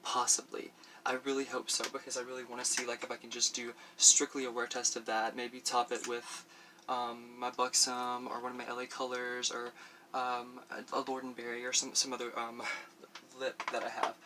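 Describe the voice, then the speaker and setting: Chatty, bright-voiced male beauty vlogger. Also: mid-range voice, monotone, moderate pace, slight background noise. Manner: chatty and rambling, many fillers, laughs often. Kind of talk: casual makeup review vlog.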